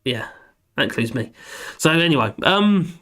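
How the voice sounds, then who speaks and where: A hoarse man rambling and joking through a casual livestream chat, reading out comments. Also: fairly high pitch, very animated, normal speed, pushed and bright. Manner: rambling, self-deprecating, laughs often. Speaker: livestream host.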